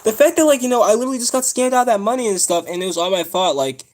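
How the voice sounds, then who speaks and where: A man's voice: high voice, very fast. A young man on a live stream telling a personal story, upset and close to tears, rambling with many fillers and restarts. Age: young adult. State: near tears.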